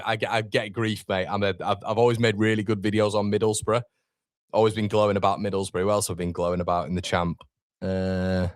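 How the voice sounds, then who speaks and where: A man's voice: fairly low pitch, no echo, clean studio sound. A young man hosting a live football watchalong, chatting casually with viewers and calling them mate. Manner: chatty, calls viewers mate, reads out chat.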